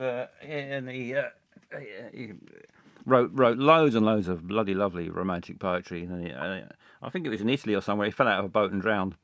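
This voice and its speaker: A man hosting a comic live stream, rambling along with halting speech full of fillers and restarts. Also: on the low side, fairly bright tone, no echo.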